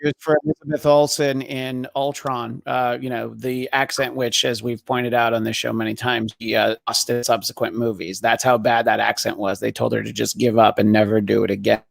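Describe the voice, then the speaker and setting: Gravelly-voiced man hosting a podcast. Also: mid-range voice, little pitch movement, normal speed, few pauses, dry recording. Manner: many fillers, reads chat questions aloud. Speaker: podcast host. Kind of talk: casual podcast chat.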